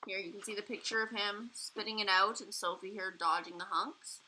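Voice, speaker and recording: A woman's voice: mid-range voice, moderate pace, hardly any pauses, slight background noise, rough recording. A woman reading a children's book aloud, showing the pictures as she goes. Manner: lively, expressive reading.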